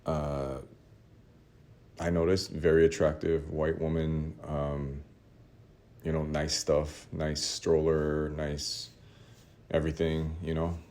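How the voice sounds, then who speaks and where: A man casually telling a rambling, self-mocking story, with laughs and shouted re-enactments. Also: extremely low pitch, level tone, slow, pauses often. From Los Angeles area. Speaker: artist telling a story to his audience.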